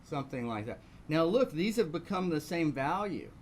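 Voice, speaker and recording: A man with a voice on the high side teaches a live online painting lesson, very animated and at a moderate pace. He talks through each step and asks rhetorical questions. There is slight background noise.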